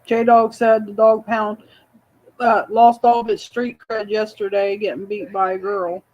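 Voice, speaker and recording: A woman's voice: mid-range voice, little pitch movement, unhurried, darkish tone. An older woman hosting a casual morning livestream, reading chat messages aloud and telling rambling family stories. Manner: rambling, chatty storytelling with fillers. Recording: slightly dull lo-fi audio.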